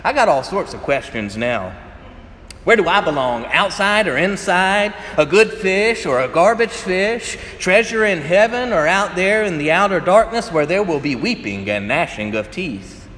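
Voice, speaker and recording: A man's voice: sits high, expressive, a little slow, a bit bright. A pastor giving a conversational sermon, a man who tells stories and laughs often as he preaches. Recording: echoey hall with faint ambience.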